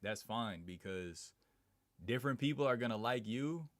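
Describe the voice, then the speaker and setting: A man's voice: medium pitch, expressive, normal speed, dry recording. A man live streaming in a casual, slangy way, reading viewer comments aloud and chatting back. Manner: slangy, laid-back, reads chat aloud and answers it.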